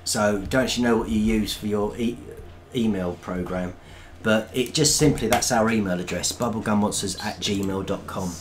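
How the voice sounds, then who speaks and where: A man's voice: fairly low pitch, moderate pace, hardly any pauses, noisy background. A man co-hosting a live stream, reading out viewer comments in a casual, hesitant way with many ums. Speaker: co-host reading chat.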